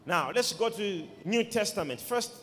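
Male preacher, high and very lively pitch, emphatic and repetitive, long reverb of a hall. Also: unhurried, a little hiss or hum. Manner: emphatic, repeats key words, calls for responses. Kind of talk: sermon.

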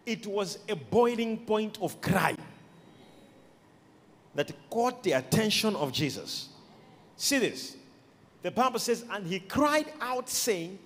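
A man preaching a sermon, emphatic, with sudden shouted peaks and quiet asides, recorded in an echoey church hall. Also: high voice, sing-song, takes it slowly, pauses often.

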